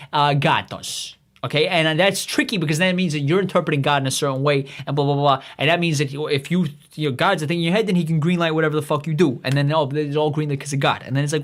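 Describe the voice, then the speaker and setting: A man's voice: fairly high pitch, fairly even intonation, quick pace, hardly any pauses. A man hosting a livestream, rambling through a profane monologue full of restarts and asides. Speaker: livestream host.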